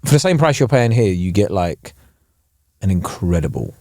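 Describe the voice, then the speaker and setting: A young man chats on a podcast, his pitch leaping up and down as he tells his stories. He slips into quick impressions of the people he quotes. His voice sounds close and dry, with no room around it. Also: dry recording. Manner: animated storyteller, slips into impressions. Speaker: podcast co-host. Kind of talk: casual chat.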